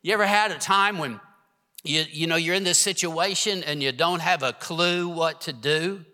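A man's voice: fairly high pitch, moderate pace, pushed and bright, big-room sound. A pastor in his sixties preaching an emphatic sermon and leading the congregation in reciting verses. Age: 60s. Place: church hall with congregation.

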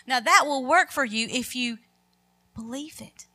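A woman's voice: high-pitched, unhurried, pushed and bright. A middle-aged woman preaching a sermon, emphatic and quoting scripture with rising force.

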